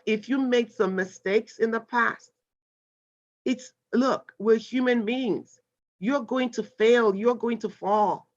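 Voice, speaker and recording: A woman leading a live online mindfulness class, encouraging the group and reading their replies aloud with lively exclamations. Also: a little high. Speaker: mindfulness instructor. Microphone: video call. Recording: dull lo-fi video call audio.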